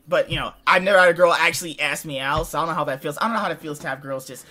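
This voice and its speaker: A man's voice: a little high, steady tone, very fast, few pauses, sharp tone. A young man from California hosting a podcast, rambling and joking in casual chat, often breaking into laughter. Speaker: podcast host.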